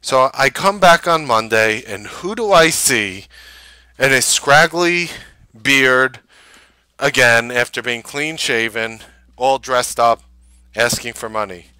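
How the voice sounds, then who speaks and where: A man's voice: mid-range voice, slow pace, smooth, no echo. A man, hosting a show and telling a casual, rambling anecdote full of fillers. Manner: rambling, filler-heavy anecdote with animated quoted voices. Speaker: show host. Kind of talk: casual storytelling. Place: Manhattan.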